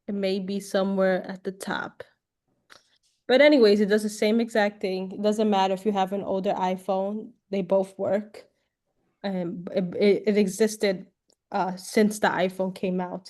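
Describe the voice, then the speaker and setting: A woman's voice: medium pitch, a little mellow. A woman teaching a casual online class on phone features, chatty and loose, with lots of fillers and little check-ins like "right?". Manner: chatty, repeats herself, many fillers and "right?". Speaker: class instructor.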